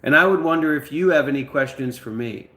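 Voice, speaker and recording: A man's voice: on the high side, a little fast, fairly bright tone. Blunt, demanding man in an echoey room. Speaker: channel host. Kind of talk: casual talk with an AI.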